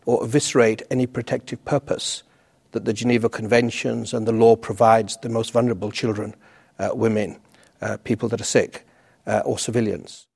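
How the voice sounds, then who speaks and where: Man, prosecutor, mid pitch, measured, halting, fillers. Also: gravelly, darkish tone. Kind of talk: prepared statement.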